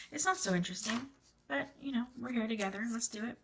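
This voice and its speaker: A woman and mother chatting casually to her viewers as she crafts, expressive and given to rambling asides. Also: a little high, fairly quick, crowd noise. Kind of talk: casual chat while crafting.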